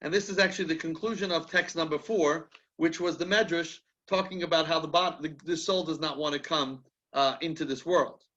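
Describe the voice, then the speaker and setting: A man's voice: on the high side, fairly even intonation, brisk, few pauses, pushed and bright, lo-fi sound. A man leading a rabbinic class, telling a story in a chatty way and often restarting his sentences as he thinks aloud. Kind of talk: conversational teaching with anecdotes.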